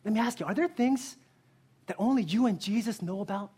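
A male pastor delivers a sermon with a slightly breathy, husky voice. He talks earnestly and puts pointed questions straight to his listeners. When he tells a story, it comes alive with energy. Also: high-pitched, a little fast. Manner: lively storytelling.

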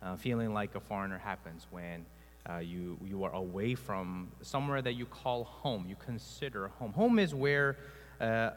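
A pastor from South Korea preaching a sermon, telling personal stories in a conversational way with many filler sounds. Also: male voice, on the low side, long reverb tail, slight background noise.

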